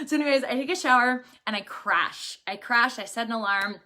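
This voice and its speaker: Chatting casually and animatedly on her livestream, a woman shares travel stories loaded with fillers and rhetorical questions. Her voice sits fairly high, swings widely in pitch, moves fairly quickly, and has a sharp tone.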